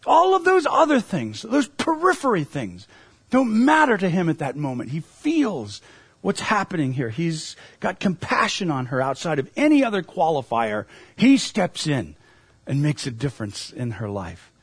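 A man's voice: a little high, wildly swooping pitch, normal speed, husky, no room sound. A man preaching a sermon as a pastor, earnest and emphatic, asking his listeners questions.

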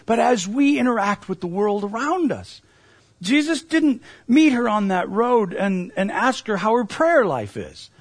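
A man's voice: extremely high pitch, slightly rough, no echo. A man preaching a sermon as a pastor, earnest and emphatic, asking his listeners questions.

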